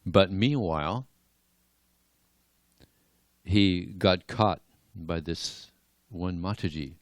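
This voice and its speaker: A man giving a devotional class and telling stories in an animated way, chuckling now and then. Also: low voice, drawn-out words, dry recording. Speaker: lecturer. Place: temple hall.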